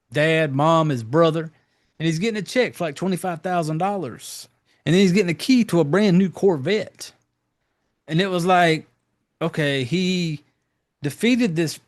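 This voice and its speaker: A man talks through a horror film's plot in a loose, meandering way, dropping curses and filler words as he goes. His voice sits a little high for a man. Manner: rambling, profane, loose storytelling with fillers. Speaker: podcast host. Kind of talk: casual movie recap.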